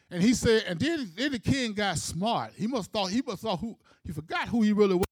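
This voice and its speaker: Male preacher, high voice, emphatic storytelling sermon, dry close sound. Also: lively intonation, brisk, hardly any pauses, slightly rough, dry recording. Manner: storytelling, emphatic, rhythmic phrasing.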